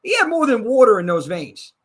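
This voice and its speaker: A man with a Brooklyn New York accent hosting a casual live horror chat, animated and joking, swearing freely. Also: very high-pitched, a little fast. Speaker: podcast host.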